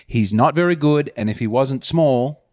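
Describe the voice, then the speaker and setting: A man's voice: mid-range voice, normal speed, a little mellow, no echo. Guy on a podcast, medium voice, wry and opinionated, dry sound. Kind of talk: casual chat.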